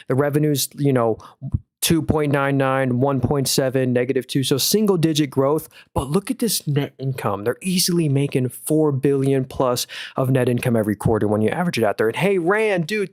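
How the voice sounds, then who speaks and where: A man's voice: fairly high pitch, no echo, studio quality. A young man chatting casually on a livestream at home, rambling and thinking aloud as he reads viewers' chat. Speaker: livestream stock analyst.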